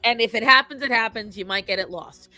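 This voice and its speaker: Bright-voiced woman ranting to her chat. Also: on the high side, fairly quick, faint music behind. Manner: animated, opinionated storytelling. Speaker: streamer host. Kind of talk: casual chat to a live chat.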